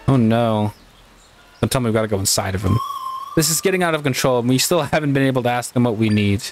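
A man's voice: mid-range voice, lively intonation, moderate pace, long pauses. A man giving casual let's-play commentary, reacting with laughs and the odd swear while he plays. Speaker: gaming channel host. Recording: game music playing clearly behind. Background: game music.

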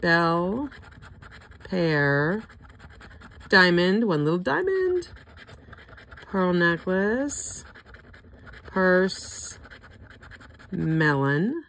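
Hoarse older woman, low-pitched, slow unhurried ticket-by-ticket chat. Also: very animated, a bit bright. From Florida. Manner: slowly calls out ticket symbols one by one, chatty asides. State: hoarse, throat not cooperating. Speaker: scratch-off ticket vlogger. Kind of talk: casual running commentary.

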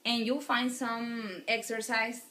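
A woman teaching a language lecture in a slow, unhurried way, repeating each word so students can follow. Her voice is bright and a little high, and it echoes around the room. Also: level tone. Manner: patient, repeats words for students. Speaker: Spanish teacher. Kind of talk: recorded classroom lecture.

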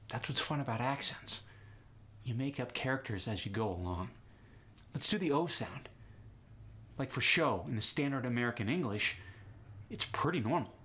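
Cheery guy coaching an accent lesson, bright sharp voice, walks through example words. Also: mid-range voice. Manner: upbeat, explanatory, models example words.

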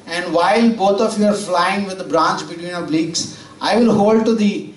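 A man's voice: sits high, moderate pace, a little hiss or hum, close to an everyday voice. A man voicing a clever, boastful male frog while telling a fable in a sermon. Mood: eager. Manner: pleading, then eager and proud. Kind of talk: acted storytelling in a sermon. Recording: roomy church audio from far off.

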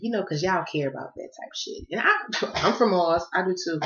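Her medium-pitched voice moves briskly and sounds a bit bright, though the highs are cut off. She's a Southern American tarot reader doing a casual reading to camera, laughing and chatting, checking in with "okay?" and addressing listeners as "baby."

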